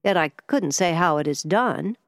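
A woman's voice: lowish voice, lively intonation, unhurried, dry recording, studio quality, long reverb tail. A woman doing a self-important doctor. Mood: superior.

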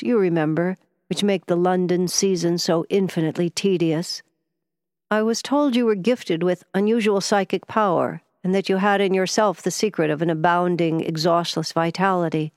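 A weary, ailing gentleman, read by a woman, speaks low and meditatively, as if half to himself. His voice is subdued and dispirited, with the dry, close sound of a studio audiobook read. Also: moderate pace, dry recording, natural voice. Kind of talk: audiobook character voice.

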